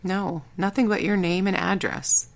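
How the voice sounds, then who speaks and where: A woman's voice: medium pitch, steady tone, moderate pace, gravelly, lightly acted. Woman as a blunt ex-agent woman.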